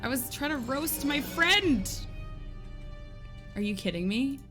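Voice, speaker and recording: A woman's voice: sits high, slow. Casting: woman game streamer, rambling and giggly, casual, faint game music underneath. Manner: chatty, rambling, peppered with "like"; giggly, animated storytelling. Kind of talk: casual live-stream chat.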